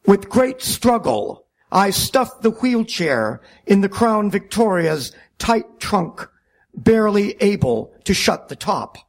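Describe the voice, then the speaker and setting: A man narrating a wry first-person story about driving a taxi, deliberate and self-mocking. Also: high voice, very animated.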